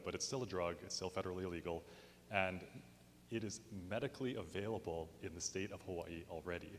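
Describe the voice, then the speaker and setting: Low-voiced man voicing hesitant opposition. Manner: hesitant, with restarts. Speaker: state legislator. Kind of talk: floor debate speech. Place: large legislative chamber. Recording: long chamber reverb, faint hum.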